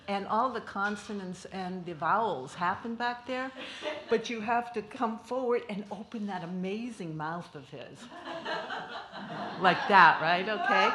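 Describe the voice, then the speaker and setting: A woman speaking at a memorial tribute, playfully coaxing the audience to join in and laughing often. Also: mid-range voice. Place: small performance venue. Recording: echoey room with loud background noise.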